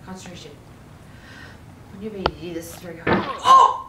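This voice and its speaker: Frustrated woman gamer, slow and lively, recorded from a distance in an echoey, noisy room. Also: on the low side. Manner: exasperated, talks to the game. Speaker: gaming video host. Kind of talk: let's play commentary.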